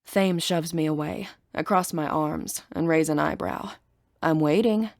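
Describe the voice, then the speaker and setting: A woman narrates a first-person fantasy audiobook with a brisk, sarcastic edge. Her voice sits low for a woman. The recording is dry and close, with no room around it. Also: fairly even intonation, gravelly, no echo.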